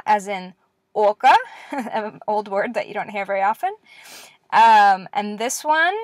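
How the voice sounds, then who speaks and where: A woman's voice: mid-range voice, no echo, clean studio sound. Woman teaching a recorded lecture. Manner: patient, explains step by step with practice pauses. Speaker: language teacher.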